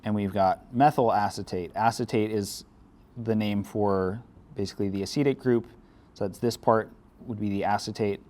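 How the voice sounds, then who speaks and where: A man's voice: on the low side, fairly even intonation, moderate pace, a little mellow. A man teaching a chemistry lecture, explaining step by step in a casual way with dry sarcasm. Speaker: chemistry instructor. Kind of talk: classroom lecture.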